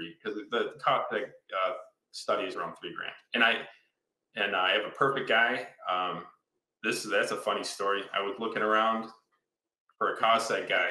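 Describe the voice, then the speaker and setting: A man's voice: on the low side, sharp tone. A man in his fifties from Michigan, an enthusiastic real estate investor who tells stories and checks in with "right?" in a casual conversation. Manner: enthusiastic, storytelling, explains with repeated "right?". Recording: roomy echo.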